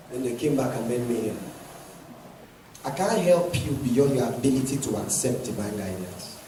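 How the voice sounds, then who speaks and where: A man, a pastor, preaching a sermon with emphatic repeated questions that rise into shouts. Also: mid-range voice. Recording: very echoey hall, from far off, faint noise.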